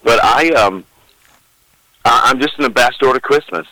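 A bright, forward-voiced older man with a drawl, spinning homespun stories as a professional Santa. The recording is dry and close, with little room sound. He talks in a folksy, rambling way, full of small restarts. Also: mid-range voice, moderate pace, no echo, poor audio. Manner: folksy storyteller, acts out children's voices. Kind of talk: interview answers, anecdotes.

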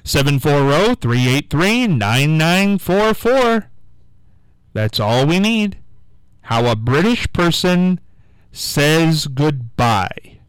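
Slow, drawn-out male radio quiz host. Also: on the high side, very animated, smooth, no room sound, rough recording. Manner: drawn-out, repetitive coaxing, reads phone number slowly. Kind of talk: call-in radio game show. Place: radio studio.

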